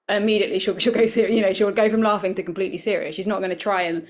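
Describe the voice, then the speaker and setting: A woman, a wellbeing coach, speaking as a guest in a conversational interview, reflective and animated, acting out little quoted voices. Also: medium pitch, racing, hardly any pauses.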